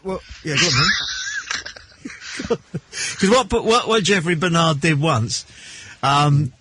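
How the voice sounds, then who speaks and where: A man's voice: a little high, wildly swooping pitch, slow pace, pushed and bright, slightly rough, dry recording. A man hosting a radio talk show, chipping in with short interjections and prompts before telling his own anecdote. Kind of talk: casual radio chat.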